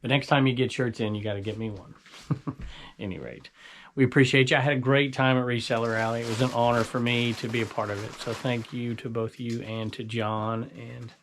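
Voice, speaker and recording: A chatty man hosts his reselling vlog at a medium pitch, laughing easily as he talks. A faint hiss of noise sits behind his voice. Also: fairly even intonation, a little fast. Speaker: reseller channel host. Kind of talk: casual vlog chat.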